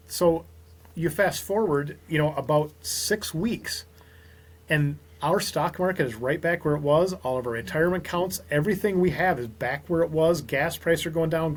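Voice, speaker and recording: A man, a small business owner from Minnesota, talking as a podcast guest and telling lively stories with quoted dialogue. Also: on the high side, husky. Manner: animated storyteller, quotes others in dialogue. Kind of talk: casual podcast conversation.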